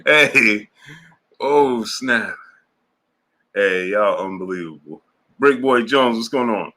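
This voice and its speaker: Laughing man reading his live chat. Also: lowish voice. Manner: laughing hard, drawn-out exclamations; animated, playful voice for quoted chat lines. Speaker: boxing livestream host. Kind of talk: casual livestream chat reading super chats.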